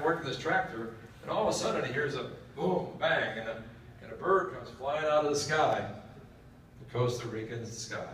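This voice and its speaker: A man's voice: mid-range voice, a bit bright, a little hiss or hum. A man speaking at a military education session, telling a long joke in a folksy way and quizzing the audience. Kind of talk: storytelling lecture. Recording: echoey hall from far off.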